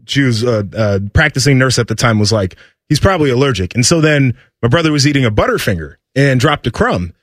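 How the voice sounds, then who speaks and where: A man's voice: mid-range voice, sing-song, a little fast, hardly any pauses, no room sound, studio quality. A man casually telling a personal story in an interview clip, offhand and laughing. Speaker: interviewed athlete.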